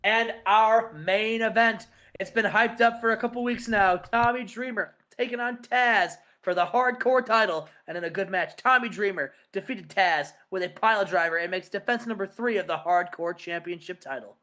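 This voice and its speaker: A man's voice: sits high, moderate pace, sharp tone. Man calling a wrestling game like an announcer. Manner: mock sports-announcer delivery. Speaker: game commentator. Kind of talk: let's play commentary.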